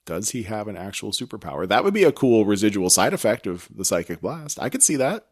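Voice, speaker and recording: Low-voiced man recapping with lively pitch. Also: a little fast, husky. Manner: lively, rambling, self-correcting. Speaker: podcast co-host. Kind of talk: casual recap chat.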